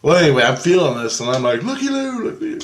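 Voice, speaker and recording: Brief: mid-pitched man, rambling vlog storyteller, lots of fillers and restarts. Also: quick pace, a little hiss or hum. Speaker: video blogger.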